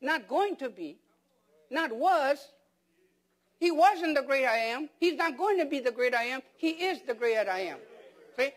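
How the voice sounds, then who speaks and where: A man's voice: extremely high pitch, animated, measured pace. A man preaching a sermon as pastor, firing rhetorical questions at the congregation and repeating words for emphasis.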